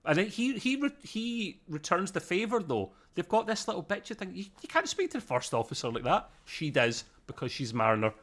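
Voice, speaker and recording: A man's voice: high-pitched, big pitch swings, brisk, few pauses, fairly bright tone. A man co-hosting a podcast, talking through a review in a casual, rambling way that often digresses. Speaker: podcast co-host.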